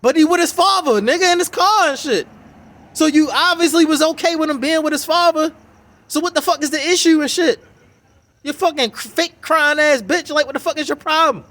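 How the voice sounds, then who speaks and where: A man's voice: very high-pitched, a little fast, bright, forceful tone. A man giving a heated, swearing, mocking reaction commentary on a video. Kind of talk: profane ranting reaction commentary.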